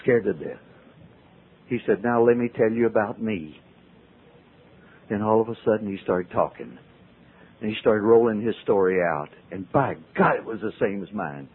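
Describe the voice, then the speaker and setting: A man's voice: on the low side, moderate pace, long pauses, husky. A man telling his life story to a group, acting out the voices of the people in it. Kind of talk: storytelling talk. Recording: tinny, phone-like old recording.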